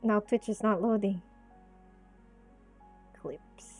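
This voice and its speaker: A woman's voice: medium pitch, slow, darkish tone, breathy edge, soft background music. A woman chatting casually while drawing on a live stream. She giggles a lot, swears freely, bursts into squeals, and drops Japanese exclamations into her talk.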